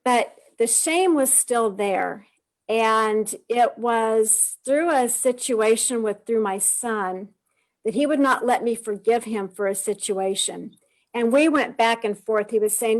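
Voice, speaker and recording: A woman in her forties tells her own story over a video call, with a slightly high voice. She talks in an earnest, heartfelt way, often restarting her sentences. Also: measured pace. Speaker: guest sharing her testimony. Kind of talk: emotional personal testimony on a live stream.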